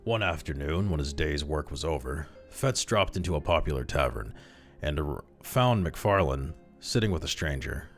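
Very deep-voiced male horror narrator. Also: animated, normal speed, soft background music. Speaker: audiobook reader. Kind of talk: scripted narration of a classic horror story.

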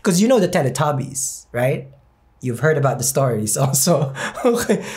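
A woman's voice: low-pitched, sing-song, normal speed, darkish tone. A woman reading tarot cards in a sassy, chatty way with a non-native English accent, laughing often. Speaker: tarot reader.

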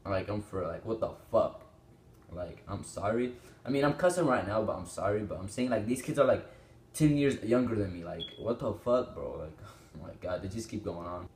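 A man's voice: lowish voice, expressive, moderate pace, darkish tone, slight background noise. Rambling teenage guy in an echoey room. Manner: rambling, exclaiming, swearing often. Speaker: reaction video host. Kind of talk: casual reaction commentary. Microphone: small desktop microphone.

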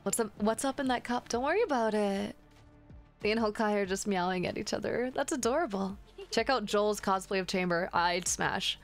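A woman's voice: medium pitch, moderate pace, creaky, soft background music. A woman streamer chatting casually with her viewers while gaming, joking in a playful, crude and flirty way.

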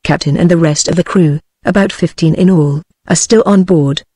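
A woman's text-to-speech voice with a British English accent, reading an audiobook in an even, synthetic manner. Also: lowish voice, moderate pace, slightly rough, no room sound. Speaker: narrator. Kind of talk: audiobook narration.

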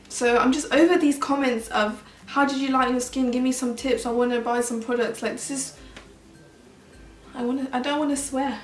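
Young woman vlogger, earnest and talkative, recorded distant from the mic. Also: on the high side. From Mauritius. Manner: chatty, earnest, heavy use of "like". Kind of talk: candid personal story vlog. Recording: roomy sound, mic at a distance.

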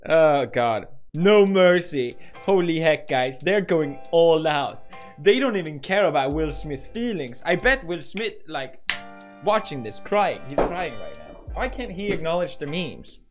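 A man's voice: fairly high pitch, sing-song, unhurried, faint music behind. A young man hosting a comedic meme-reaction show, exclaiming, laughing and mock-outraged as he reacts. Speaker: host.

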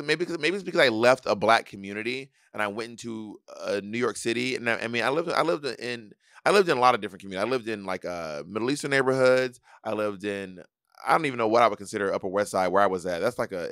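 A man's voice: medium pitch, fast, bright, forceful tone, no echo, studio quality. A man with a Southern US accent, co-hosting a podcast in casual, rambling chat full of restarts. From Southern United States. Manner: rambling, with many restarts and fillers. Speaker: podcast co-host.

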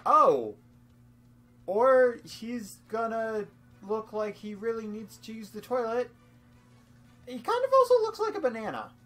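A young woman streams a let's-play, her mid-range voice a bit bright, over faint game music. Her commentary is goofy and rambling, broken up by frequent laughs.

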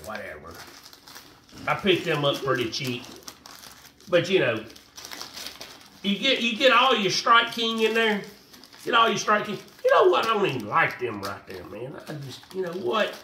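Animated rambling man, bright tone. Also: sits high, recorded from a distance. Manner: rambling, animated, talks to viewers as y'all. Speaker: fishing vlogger. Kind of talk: casual how-to vlog. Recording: roomy echo, voice a bit off-mic, faint noise.

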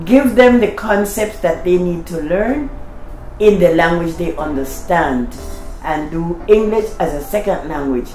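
An older woman from Belize speaks as an interview guest, pressing her points firmly and repeating them. Her voice sits mid-pitched in an echoey room, with faint music behind her. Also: lively intonation, measured pace, a little mellow. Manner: emphatic, repeats key points. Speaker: guest, poet and social worker. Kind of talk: casual interview conversation.

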